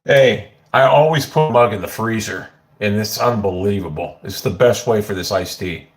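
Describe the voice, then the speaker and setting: A man's voice: fairly low pitch, normal speed, roomy sound, slight background noise. A man chatting casually on a livestream from his home kitchen into a phone, rambling and swearing as he snacks. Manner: rambling, profane, easily excited.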